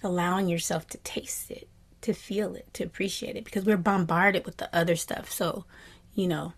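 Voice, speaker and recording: A woman meditation teacher giving a dharma talk in a gentle, reflective way. She often drops to a soft whisper and has animated bursts of delight. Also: fairly low pitch, normal speed, slightly rough.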